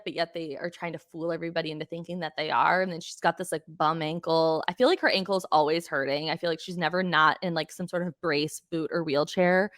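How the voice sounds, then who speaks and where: Woman podcast host, lowish voice, dry close sound, chatty and exasperated. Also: a bit bright, dry recording. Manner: chatty, exasperated, swears freely. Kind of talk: casual reality TV recap.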